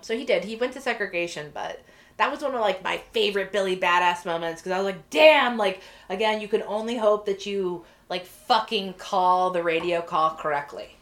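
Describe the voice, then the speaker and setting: A woman guest on a podcast, telling a work story in a casual, lively way, swearing freely and acting out what people said. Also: mid-range voice, fairly quick. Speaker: podcast guest, corrections treatment provider.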